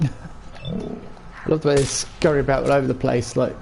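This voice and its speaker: Brief: male streamer, gravelly voice, mid pitch, loose chatty game commentary. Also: fairly even intonation, a little fast, a little mellow, slight background noise. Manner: chatty, chuckles often, talks to chat. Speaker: gaming streamer. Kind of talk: casual let's-play commentary.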